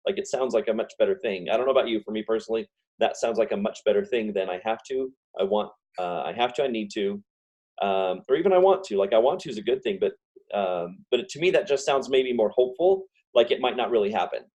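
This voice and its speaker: Man, fast talker, casual self-help chat, repeats phrases, video call. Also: on the low side, expressive, a little mellow. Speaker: guest speaker.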